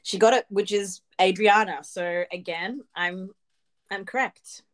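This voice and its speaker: A woman's voice: medium pitch, measured pace. A woman co-hosting a podcast, talking bluntly and sarcastically in casual chat about a reality show. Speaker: podcast co-host.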